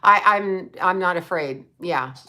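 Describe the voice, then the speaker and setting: A woman's voice: fairly low pitch, unhurried, sharp tone. An older woman hosting a livestream, talking bluntly and profanely as she answers viewers and thanks them for super chats. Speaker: psychic livestream host.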